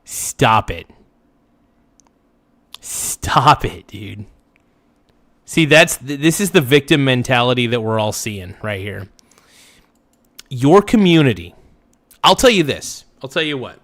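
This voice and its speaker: A man's voice: mid-range voice, big pitch swings, measured pace, pauses often, a bit bright, no room sound, clean studio sound. A man hosting a livestream reaction, ranting bluntly and emphatically, hammering his points home by repeating them.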